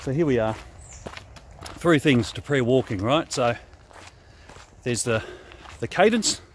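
An Australian man, a host and spiritual director, teaching prayer walking in a relaxed, conversational way while walking in the bush, slightly short of breath. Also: medium pitch, slow pace. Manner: relaxed, conversational, often asks "right?". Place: outdoors in bushland on a walking track. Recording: faint outdoor noise.

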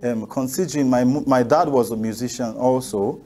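A man speaks in a warm, mellow voice as a guest musician. He answers questions in an easygoing way, often saying "yeah" and restarting phrases. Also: medium pitch, moderate pace. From Sierra Leone. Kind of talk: casual interview answers.

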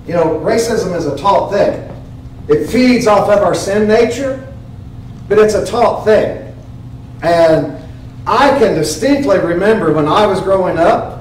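A man's voice: high-pitched, distant mic, slight background noise. A pastor preaching a sermon in a church, earnest and emphatic, putting rhetorical questions to his congregation. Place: church sanctuary. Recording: very echoey church, heard from afar.

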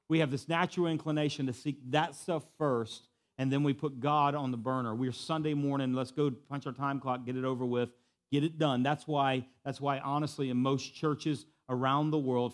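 A pastor preaching a sermon to a church, repeating key lines for emphasis and swinging from quiet to loud. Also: male voice, mid-range voice, fairly even intonation, normal speed. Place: church sanctuary.

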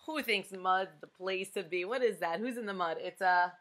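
A woman's voice: fairly low pitch, normal speed, slight background noise. A woman reading a picture book aloud to young children, asking them questions to guess each answer and dropping to a whisper for suspense. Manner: dramatic hushed whispers for suspense.

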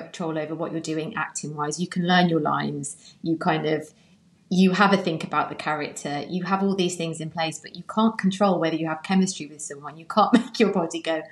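An actress chatting in an interview, giggly and bantering. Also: female voice, lowish voice. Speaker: actor guest. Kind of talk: casual interview chat. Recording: roomy echo.

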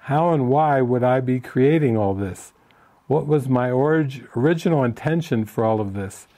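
Mellow-voiced man telling a retreat story. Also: medium pitch, expressive, moderate pace. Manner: storytelling, acts out the people he quotes; answers written questions from participants. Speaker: spiritual teacher leading a retreat session. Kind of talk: informal spiritual retreat talk.

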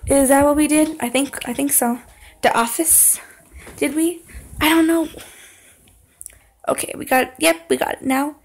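A young woman playing a horror game, talking to the screen, singing along and yelling when scared. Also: sits high, steady tone, moderate pace, vocal fry, long pauses. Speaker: gaming channel host. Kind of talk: horror game let's play commentary.

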